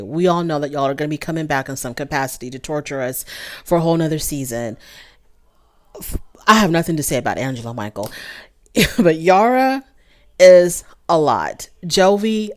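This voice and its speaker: Animated low-voiced woman recapping TV. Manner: animated, gossipy, talks straight to viewers. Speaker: reality TV recap host. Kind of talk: casual chat review.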